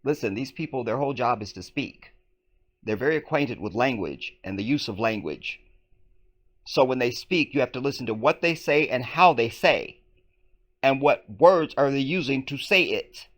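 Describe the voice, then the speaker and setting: A man's voice: medium pitch, expressive, normal speed, fairly bright tone. A man commenting on news clips in a scornful, emphatic way, repeating phrases back. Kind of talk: conspiracy commentary vlog.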